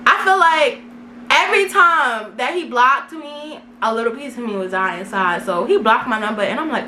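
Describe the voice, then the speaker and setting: A woman's voice: fairly high pitch, background noise. A young woman from Brooklyn, telling a casual storytime in a slangy, self-mocking way. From Brooklyn, New York. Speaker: vlogger. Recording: echoey room.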